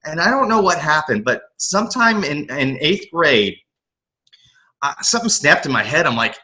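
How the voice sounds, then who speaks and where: A middle-aged man from the US West Coast, a motivational coach, telling his life story in a casual interview, earnest and animated, often restarting and repeating words. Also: on the high side, fairly quick. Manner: earnest, animated, acts out his own past thoughts. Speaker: motivational coach, podcast guest.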